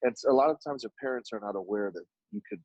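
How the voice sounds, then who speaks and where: A man's voice: fast, dry recording, poor audio. A man from Dallas, a guest on a podcast, telling stories in a conversational way and acting out the lines of the people in them. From Oak Cliff, Dallas, Texas. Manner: animated storyteller who acts out dialogue with sudden jumps in pitch. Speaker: podcast guest, artist and business owner. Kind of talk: storytelling in a conversational interview.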